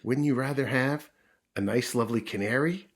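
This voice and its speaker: Man doing a gentle mother dog. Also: medium pitch, normal speed, slightly rough, voice pushed up. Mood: coaxing.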